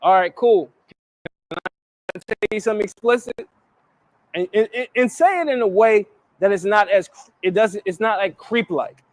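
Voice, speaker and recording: A man's voice: high voice, moderate pace. A man giving blunt, crude dating advice in a played clip. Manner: blunt, crude, swearing freely.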